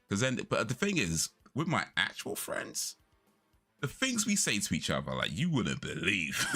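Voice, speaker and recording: A man's voice: deep voice, big pitch swings, moderate pace, bright, forceful tone. A young man chatting casually on a live stream, rambling through stories and laughing often.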